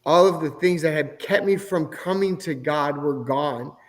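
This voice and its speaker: A man's voice: fairly high pitch, unhurried. A middle-aged man, a podcast guest, telling his personal faith testimony in an earnest, emotional way. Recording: long hall reverb.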